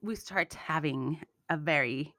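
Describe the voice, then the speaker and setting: A woman's voice: sits low, a little slow, no echo, studio quality. A woman co-hosting a casual chat podcast, telling stories animatedly, acting out quotes and switching between English and Spanish. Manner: animated storyteller, acts out quotes. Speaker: podcast co-host. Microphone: studio USB mic.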